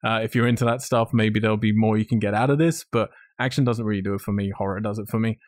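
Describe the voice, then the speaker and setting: A man's voice: lowish voice, fairly even intonation, fast, no echo. Male podcast co-host, blunt and sweary, dry recording. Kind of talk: casual film review chat.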